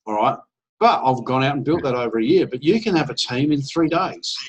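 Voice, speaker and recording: Upbeat man pitching. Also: brisk, slightly rough, highs cut off. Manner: enthusiastic and conversational, acts out phone chats. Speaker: presenter at an online business opportunity meeting. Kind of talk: persuasive sales pitch on a video call.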